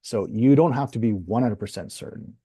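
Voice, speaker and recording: A man teaching a workshop as a communication coach, calm and measured, acting out sample phrases. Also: medium pitch, breathy edge, dry recording, clean studio sound.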